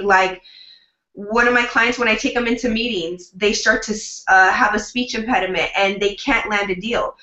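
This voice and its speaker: This is a woman publicist in a casual interview, talking in an upbeat, chatty way. Her tone is bright and forceful. She acts out snippets of what she says to clients. The recording is roomy and somewhat lo-fi. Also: a little high. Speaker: publicist, guest. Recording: roomy, dull lo-fi sound.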